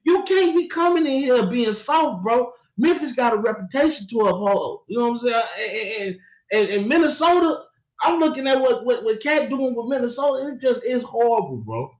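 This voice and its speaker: A man's voice: very high-pitched, sing-song, normal speed. A man co-hosting a sports podcast, talking emphatically with laughter and playful trash talk. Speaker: podcast co-host. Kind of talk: casual sports chat. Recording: echoey, dull lo-fi room sound.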